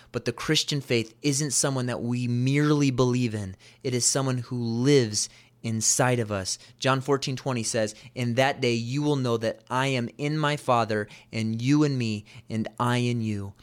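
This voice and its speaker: A man preaching a sermon as pastor, reading scripture aloud and repeating key phrases with emphasis. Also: mid-range voice.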